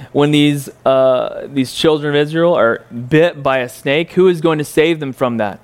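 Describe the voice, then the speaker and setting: In a clean tone, at a normal pace with few pauses, a man tells a Bible story in an easygoing way. He leans on rhetorical questions and fillers, shifting from disbelieving highs to hushed reflection.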